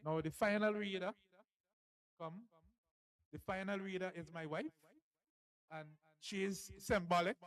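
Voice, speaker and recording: Jovial author-host, slightly high man's voice, teasing and laughing. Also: steady tone, a little slow, long pauses, a bit bright, no room sound, low-quality recording. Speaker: author and host of a book launch. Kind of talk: lively live event hosting.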